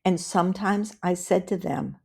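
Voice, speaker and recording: Woman, middle-aged, webinar presenter; low, gravelly, calm and practical, repeats key points. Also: moderate pace. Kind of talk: instructional webinar talk.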